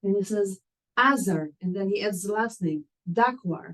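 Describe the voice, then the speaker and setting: A woman's voice: mid-range voice, a little fast, low-quality recording. Israeli woman telling a story to her class. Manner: candid, animated storyteller with non-native phrasing. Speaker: rabbi teaching a course.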